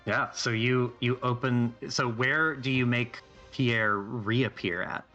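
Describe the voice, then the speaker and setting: Male game master for a live tabletop horror game, bright tone, easygoing and halting delivery, faint music underneath. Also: medium pitch, muffled recording. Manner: relaxed, halting narration with many restarts.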